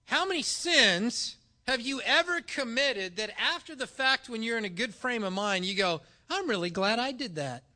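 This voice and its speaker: A man preaching a sermon, telling a personal story with lively acted-out dialogue. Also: extremely high pitch, normal speed, few pauses. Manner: animated storytelling, acting out dialogue. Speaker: pastor.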